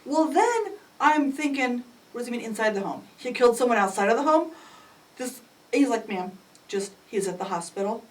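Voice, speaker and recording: A middle-aged woman recounting a family crisis in an emotional, animated way, acting out the dialogue with sudden jumps in pitch. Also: normal speed. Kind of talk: emotional personal storytelling. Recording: distant mic with faint ambient noise.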